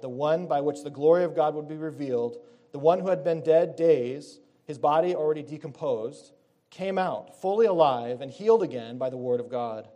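A preacher whose voice is a little high yet dark in tone delivers his sermon earnestly. Reading passages of scripture aloud, he often stops mid-sentence to reword and correct himself.

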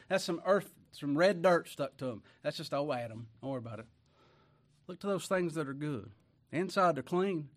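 A middle-aged man preaching a sermon in a folksy way, firing rhetorical questions at his congregation. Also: medium pitch.

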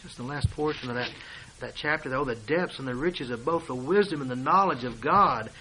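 A man preaching a sermon, reading and explaining scripture verse by verse and swinging between hushed asides and loud declarations. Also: mid-range voice, brisk, noisy background.

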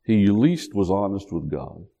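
A man preaching a sermon in an animated, emphatic way. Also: low voice, normal speed, creaky, muffled recording. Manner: animated, emphatic, acts out quotes.

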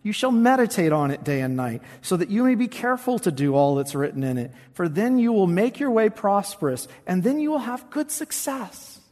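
A man's voice: high-pitched, very animated, fairly quick, few pauses, a little mellow. Man preaching in an echoing hall. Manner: emphatic scripture reading, soaring on quoted verses. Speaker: pastor. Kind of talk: sermon. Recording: long reverb of a large hall.

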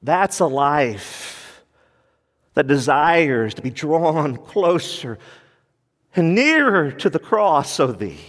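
A man's voice: a little high, big pitch swings, slow, fairly bright tone, big-room sound. A male pastor preaching a sermon in an emphatic, conversational way, often repeating himself as he works through a passage.

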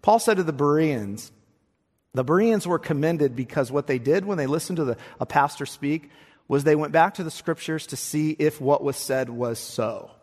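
Male pastor preaching, kinda high voice, repeats himself for emphasis, long echo like a big church. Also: moderate pace, darkish tone. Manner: emphatic preaching, repeats words when pressing a point. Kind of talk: sermon. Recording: long hall reverb.

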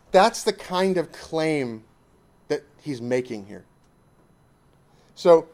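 A man preaching to a church assembly, reading scripture and then commenting on it emphatically, swinging between loud stresses and hushed asides. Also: fairly high pitch.

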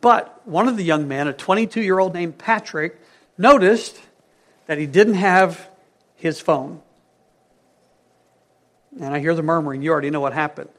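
Male pastor, high voice, earnest sermon, emphatic then hushed. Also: moderate pace, long pauses.

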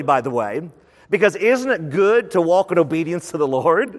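A man preaching a sermon as a pastor, lively and conversational, repeating words for emphasis. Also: fairly high pitch, normal speed. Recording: long reverb of a large hall.

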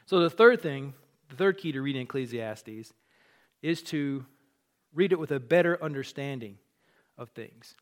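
A man's voice: medium pitch, animated, moderate pace, long pauses. A man preaching a sermon, explaining scripture in an earnest conversational way and rising to emphatic peaks on key points.

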